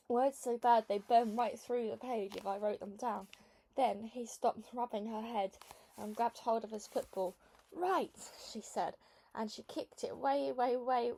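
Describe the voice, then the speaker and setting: A woman with a slightly high voice reading a children's book aloud. Her storytelling is lively and expressive, in the first person. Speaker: read-along narrator.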